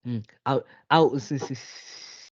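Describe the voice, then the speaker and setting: A man in his twenties from London who stutters heavily, with blocks and throat clearing, talking in a speech therapy session over a video call. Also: mid-range voice, slow pace, no room sound. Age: 20s. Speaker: stuttering client. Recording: dull lo-fi video call audio.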